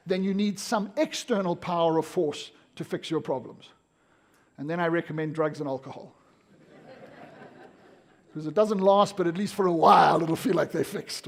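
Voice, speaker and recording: A South African man giving an energetic, emphatic seminar talk to a live audience in an event room. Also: high-pitched. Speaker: motivational speaker.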